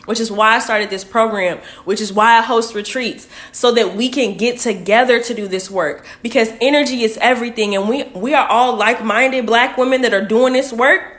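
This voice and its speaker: A woman with a fairly high voice talks straight to her viewers like a coach. She speaks casually into a phone, direct and familiar, calling her listeners "y'all.". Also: normal speed, few pauses. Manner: warm, direct, uses "y'all" and "baby". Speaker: spiritual coach. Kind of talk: casual livestream talk to viewers.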